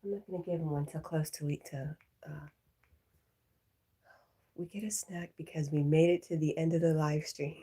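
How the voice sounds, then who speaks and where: A woman hosting a night livestream, reading chat aloud and talking softly to her dog, sometimes in a whisper, a little wheezy. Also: sits low, steady tone, measured pace, pauses often, slightly rough. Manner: soft, often whispering, talks to her dog.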